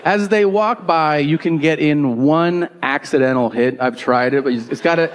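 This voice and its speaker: A man's voice: on the high side, moderate pace, slight background noise. A man doing stand-up comedy with a crude delivery, chanting strings of curses in a sing-song rhythm. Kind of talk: stand-up storytelling.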